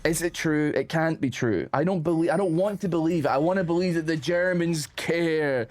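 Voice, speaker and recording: A man's voice: a little high, normal speed. A man streaming casual reaction commentary, rambling and joking with plenty of swearing.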